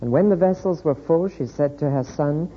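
A man preaching a sermon, reading scripture aloud in a measured, deliberate way. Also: fairly high pitch, husky. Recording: echoey hall, dull lo-fi sound.

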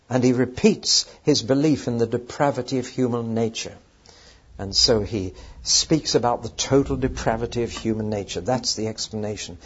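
In a dull lo-fi recording, a man with a mid-range, slightly rough voice teaches on a Bible passage. His style is conversational, and he often puts questions to his listeners.

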